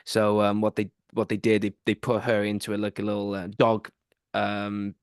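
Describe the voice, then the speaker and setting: A man's voice: on the low side, monotone, moderate pace, smooth, no echo, clean studio sound. A male podcast host, telling a rambling story in a casual chat, full of fillers.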